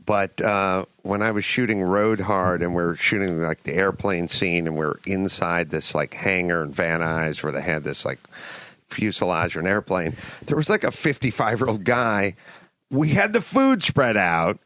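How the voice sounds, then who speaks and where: A man hosting a podcast, telling stories in a ranting, profane, animated way from a cruise ship cabin. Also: low voice, moderate pace, no echo. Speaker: podcast host. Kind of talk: casual storytelling chat.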